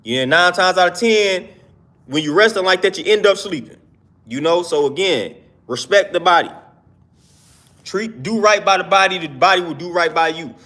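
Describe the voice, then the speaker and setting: A man's voice: sits high, animated, moderate pace, pushed and bright. A young man in his twenties talking earnestly in a casual live-stream monologue, slangy and repeating himself for emphasis.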